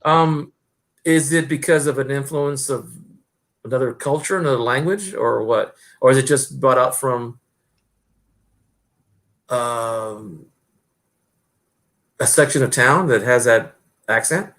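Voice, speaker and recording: This middle-aged stream host speaks slowly with frequent pauses in a mid-range, slightly bright voice. His casual chat rambles, full of fillers and restarts.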